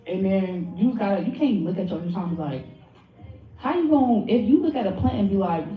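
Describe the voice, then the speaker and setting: A woman's voice: medium pitch, brisk. Blunt, profane woman leading a workshop. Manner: blunt, profane and animated, addresses the audience directly. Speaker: workshop speaker. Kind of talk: live motivational workshop talk. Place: lecture room with an audience. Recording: phone-like audio from far in an echoey room.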